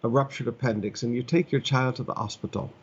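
Preaching from home, this middle-aged pastor speaks earnestly and conversationally, hammering points home by repeating them. He talks fast in a steady, medium-pitched voice that's slightly rough, captured in dull audio.

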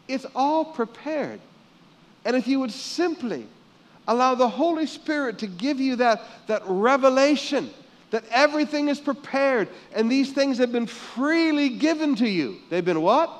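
High-voiced man preaching a dynamic sermon. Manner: dynamic preaching, swinging from hushed to loud; calls out for congregation responses. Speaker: pastor.

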